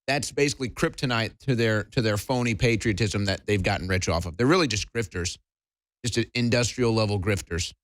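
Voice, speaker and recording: A man speaking as a reporter on a talk show, indignant but measured. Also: fairly low pitch, no room sound. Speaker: reporter guest.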